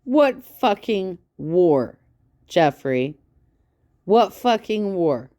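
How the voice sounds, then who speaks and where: Low-voiced woman slowly trashing a guy, sarcastic, cussing nonstop. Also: big pitch swings, mellow. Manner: scornful, sarcastic, swears constantly. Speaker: reaction commentator. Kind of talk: profane mocking commentary.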